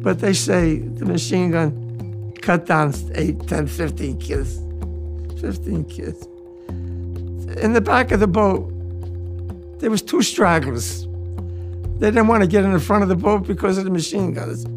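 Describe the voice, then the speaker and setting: High, gravelly old man telling war memories. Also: soft background music. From United States. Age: 90s. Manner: plain, halting, repeats key phrases. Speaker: war veteran recounting memories. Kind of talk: personal testimony storytelling.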